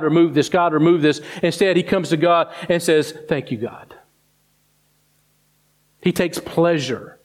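A man preaching a sermon who climbs high and quick for mock complaints, then sinks low and slow on scripture.

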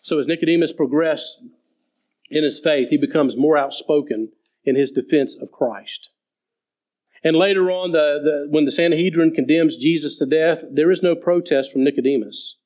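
A male preacher with a slightly high voice works through a Bible passage verse by verse. He slows right down to read the scripture with deliberate weight. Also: a little mellow, rough recording. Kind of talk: sermon.

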